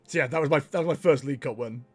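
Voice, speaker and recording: A man's voice: medium pitch, very fast, faint music behind. A young man chatting casually on a livestream while he plays, laughing often and poking fun at himself. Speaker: streamer.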